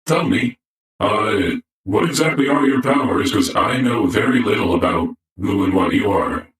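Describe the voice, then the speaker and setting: A man voicing a male robot trainer with a booster pack, a character he plays in a tabletop game, with a brisk, curious instructor's tone. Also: lowish voice, animated, heavy reverb, far from the mic, lightly acted. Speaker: non-player character. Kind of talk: voiced role in a tabletop game.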